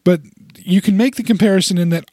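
A man's voice: high-pitched, quick pace, darkish tone, no room sound, clean studio sound. A man on a podcast, chatting casually and explaining a point, often repeating and restarting words as he builds little examples.

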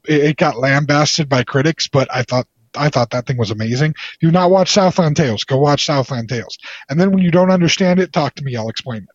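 A man's voice: on the high side, no room sound. A man chatting casually about movies, enthusiastic and rambling, with playful teasing. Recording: slightly dull lo-fi sound.

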